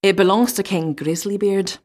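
A woman's voice: medium pitch, fairly even intonation, moderate pace, darkish tone, close to an everyday voice. A woman voicing a blunt travelling fiddler who scolds his new wife, in a storybook reading. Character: gruff travelling fiddler, a disguised king.

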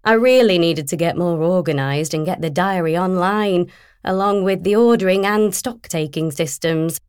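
A woman narrates a first-person novel in a wry, even storytelling tone. Her voice sits somewhat low for a woman. The recording is dry and close, with no room sound. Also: normal speed, clear, resonant tone, no echo. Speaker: audiobook narrator.

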